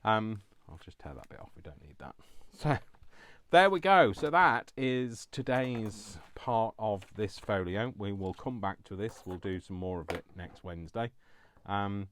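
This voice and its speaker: A man's voice: on the low side, animated, a little slow, hardly any pauses, a little hiss or hum. A man chatting casually to viewers while crafting, self-deprecating and talking to himself as he works. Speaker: crafting vlogger.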